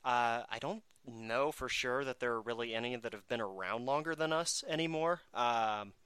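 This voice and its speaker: A man's voice: mid-range voice, normal speed, fairly bright tone, clean tone, no echo. A man hosting a casual podcast chat, snarky and self-mocking as he talks. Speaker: podcast host.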